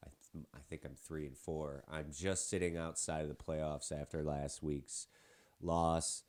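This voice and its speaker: A man with a heavy cold talks sports on his own show, his voice stuffed-up and nasal. It sits very low and mellow as he rambles on with side remarks about his teams. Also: flat delivery, a little slow. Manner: chatty, rambling with asides. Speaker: podcast host. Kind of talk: casual sports podcast talk.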